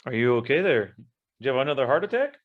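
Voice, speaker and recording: A man's voice: mid-range voice, big pitch swings, fast talker, phone-quality sound. Crude, joking man hosting a podcast. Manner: joking, crude, with laughs and restarts. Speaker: podcast host. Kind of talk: casual podcast chat, reading an article aloud.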